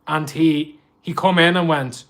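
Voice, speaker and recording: A man's voice: fairly high pitch, fairly even intonation, unhurried, fairly bright tone. A man with a Scouse accent chatting casually on a fishkeeping live stream, laughing often and poking fun at himself. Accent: Liverpool (Scouse).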